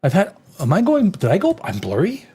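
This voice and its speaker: A man hosting a rowdy live stream, loud and rambling, swearing and reading chat comments aloud, a little tipsy from wine. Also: high-pitched, brisk, slightly rough. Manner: animated, swings between shouting and muttering. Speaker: live show host.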